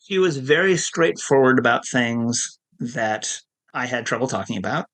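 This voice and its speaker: A middle-aged man with a gravelly, fry-tinged voice, speaking at an ordinary mid pitch. He tells his recovery story candidly and pokes fun at himself. He laughs easily as he speaks as an interview guest. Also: normal speed, fairly bright tone. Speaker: guest, addiction counselor.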